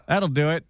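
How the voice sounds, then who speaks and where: A man's voice: a little high, fairly bright tone, slight background noise. A man co-hosting a radio talk show, reading listener emails aloud with wry, casual banter.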